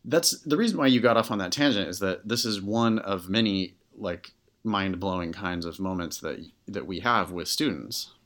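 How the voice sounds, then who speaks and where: Deep-voiced man chatting candidly on a podcast. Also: moderate pace. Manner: candid, animated storytelling with filler words. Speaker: podcast co-host and test-prep tutor. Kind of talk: casual podcast conversation.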